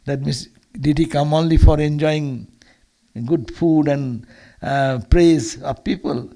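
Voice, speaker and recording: A man's voice: a little high, steady tone, slow, dark tone. A man, a monk, giving a Sunday lecture as a storytelling sermon, earnest and often restarting or repeating words.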